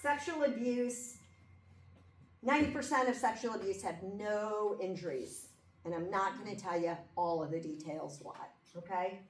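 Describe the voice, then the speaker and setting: A woman's voice: medium pitch, normal speed. A woman giving a classroom lecture in a conversational way, often checking in with her listeners by asking 'okay?' and 'right?'. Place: lecture room. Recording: echoey room, mic far off, faint background hum.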